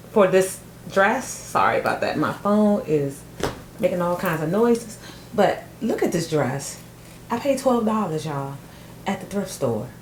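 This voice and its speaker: A middle-aged woman chatting casually to camera about thrift finds, telling stories with animated energy and calling her viewers y'all. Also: lowish voice. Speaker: thrift vlogger. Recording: echoey room with faint noise.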